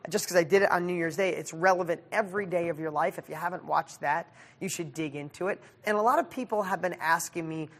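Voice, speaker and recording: A man coaching his audience in a live motivational question-and-answer session. He talks in an energetic, emphatic way, casual and with the odd swear word, from his studio. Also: a little high, fast talker. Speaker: success coach hosting a monthly live session.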